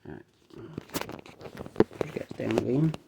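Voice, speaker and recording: Walking himself through each step of putting together a toy model, a man speaks casually and relaxedly at a normal speed. His voice is medium-pitched with vocal fry, a breathy edge, and a light Southern accent.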